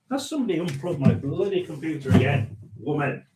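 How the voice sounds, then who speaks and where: A man talks through a tarot and spirit box session in a loose, chatty way. He mutters asides and keeps clearing his throat. His voice sits fairly high and swings widely in pitch. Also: sing-song, fairly quick, background noise. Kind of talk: casual live reading.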